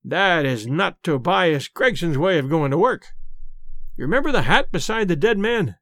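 A cool, knowing detective delivers dry, lofty remarks, put on by a male reader. The voice is fairly high and moves widely, with a dry recording. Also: expressive, normal speed, a bit bright, dry recording. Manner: sententious, dryly ironic.

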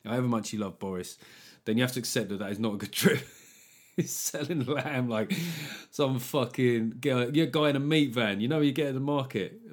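A man hosts a solo comedy podcast, riffing on politics in a sarcastic, profane rant. His voice sits at an ordinary middle pitch, and he keeps breaking into mocking impressions of the figures he talks about. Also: moderate pace. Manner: sarcastic, swearing, animated impressions. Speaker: podcast host.

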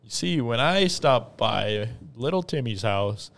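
A man's voice: mid-range voice, expressive, slow pace, gravelly. A man voicing a jolly, hungry male Santa Claus in an improvised comedy bit, with a hearty put-on voice.

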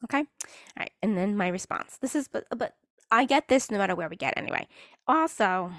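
A woman hosts her own casual podcast alone, her mid-range voice expressive, brisk, and fairly bright. Rambling and talkative, she keeps interrupting herself to restart sentences, recorded dry in studio quality.

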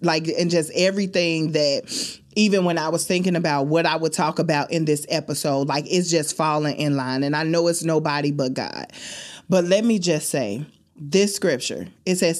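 A woman hosting a faith-based podcast, speaking in an emotional, expressive and preachy way. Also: low-pitched. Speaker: podcast host.

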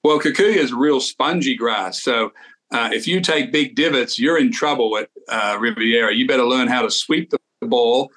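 A man's voice: mid-range voice, normal speed, a bit bright. Aussie guy in his 60s on a podcast, laid-back, keeps restarting his sentences. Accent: Australian. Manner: easygoing storyteller with frequent restarts. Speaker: former tour pro, podcast co-host. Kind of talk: casual podcast chat.

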